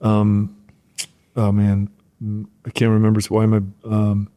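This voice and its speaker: With a lowish voice, he takes his time, a middle-aged man from rural Wisconsin recalling his football days in an easygoing podcast interview. His storytelling is animated, and he acts out his old coaches' shouts in a raised voice.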